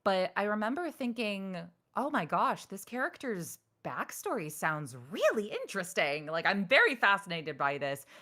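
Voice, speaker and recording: A woman's voice: moderate pace, few pauses. A woman voice actor telling stories in a casual interview, full of "like" fillers and acting out the quotes she tells. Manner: animated, acts out quotes with big pitch jumps; frequent "like" and "you know" fillers. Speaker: voice actor guest.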